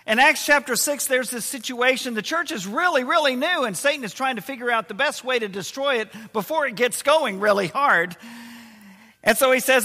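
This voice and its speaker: A man preaching a sermon as pastor, slowing down to stress key words and letting his voice fall low and quiet at times. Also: animated. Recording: long hall reverb.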